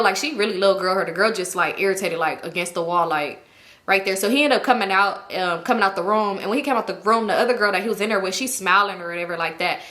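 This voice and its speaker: A young woman telling a personal story in a casual, animated way, slangy and profane. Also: medium pitch. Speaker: storytime YouTuber.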